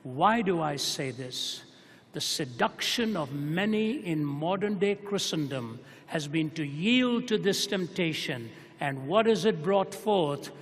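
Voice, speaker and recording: A man preaching a sermon to a hall audience, telling stories with dramatic rises and hushed drops. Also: on the high side, expressive, takes it slowly. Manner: dramatic storytelling, voice rising and dropping to a hush. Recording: long hall reverb.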